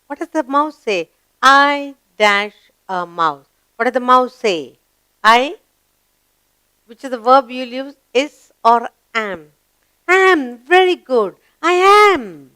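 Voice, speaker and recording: A woman with an Indian English accent teaching a children's grammar lesson, asking questions, answering them herself and praising in a drawn-out, sing-song way. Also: high voice, animated, bright, forceful tone, smooth, dry recording.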